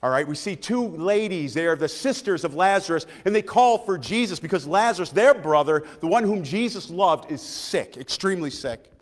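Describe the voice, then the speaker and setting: A man's voice: high-pitched, normal speed, hardly any pauses. Earnest male preacher in a reverberant church. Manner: earnest, rising with excitement. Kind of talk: scripture reading and sermon.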